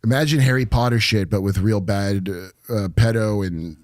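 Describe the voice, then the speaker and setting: A man's voice: lowish voice, normal speed, a little mellow, dry recording. Profane man talking conspiracies, dry sound. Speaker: podcast guest. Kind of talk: casual podcast chat.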